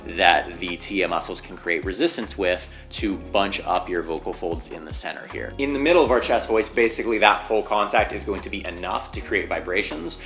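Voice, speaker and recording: A man's voice: deep voice, a little fast, few pauses, a bit bright, soft background music. A man teaching singing, explaining vocal anatomy step by step and leaning on the word "basically".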